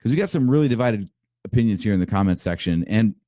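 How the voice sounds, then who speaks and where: A man's voice: lowish voice, lively intonation, fast talker, dark tone, dry recording, studio quality. A man co-hosting a podcast in casual chat, joking around and laying out his thoughts analytically. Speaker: podcast co-host.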